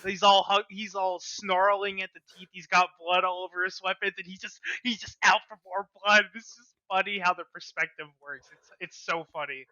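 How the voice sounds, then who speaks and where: A guest on a casual gaming podcast, excitable and quick to laugh. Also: medium pitch, dry recording, highs cut off. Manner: excitable, laughs into exaggerated reactions.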